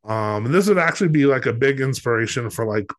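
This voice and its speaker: A man's voice: medium pitch, quick pace, dry recording, clean studio sound. Chatty man rambling with fillers. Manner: rambling, many "like" fillers, animated retelling. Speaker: podcast co-host. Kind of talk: casual chat.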